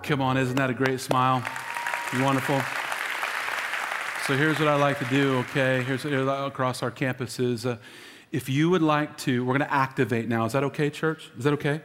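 Energetic man preaching in a hall. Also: mid-range voice, moderate pace, music in the background, a crowd in the background. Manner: energetic, calls for congregation responses. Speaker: lead pastor. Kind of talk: sermon. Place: large church auditorium. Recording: long hall reverb.

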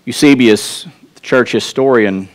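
A man's voice: mid-range voice, measured pace. A man with a Texas accent preaching a sermon in a church, earnest and conversational, with restarts and asides to the congregation. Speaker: pastor.

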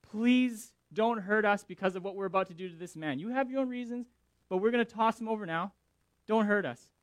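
Frantic storm-tossed sailors, pitched up high and loud, as a preacher puts them on. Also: male voice, fairly quick, no room sound, close to an everyday voice. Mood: pleading. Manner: frantic, pleading. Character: panicked group of male sailors in a storm.

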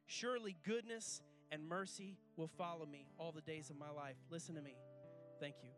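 A man's voice: a little high, moderate pace. A man preaching a passionate sermon as pastor, building long repeated refrains and leading the congregation in call-and-response. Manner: impassioned, building repetitive refrains. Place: church service. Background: faint guitar music.

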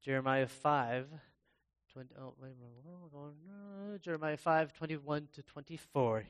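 A man preaching a sermon in a conversational way, pausing and restarting as he reads scripture aloud. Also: on the high side. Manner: bursts into loud, excited acted-out exclamations.

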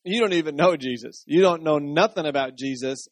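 A man's voice: a little high, brisk, dry recording, studio quality. Give me a male pastor preaching a conversational sermon. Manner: conversational, asks the congregation for responses.

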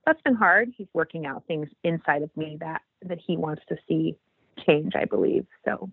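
Husky woman on a tinny line. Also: moderate pace, dry recording. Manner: animated, acts out quoted dialogue with big pitch jumps. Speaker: podcast guest. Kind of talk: casual faith storytelling. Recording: dry, tinny phone-like line.

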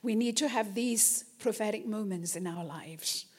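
A woman preaching a sermon, slow and emphatic, repeating phrases and calling out amens to the congregation. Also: medium pitch, slightly rough.

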